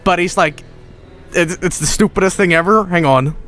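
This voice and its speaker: A man's voice: sits high, normal speed, fairly bright tone, soft background music. A man streaming a video game, talking casually with lots of swearing and rambling asides. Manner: rambling, swears a lot, breaks into laughter. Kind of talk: casual live-stream commentary.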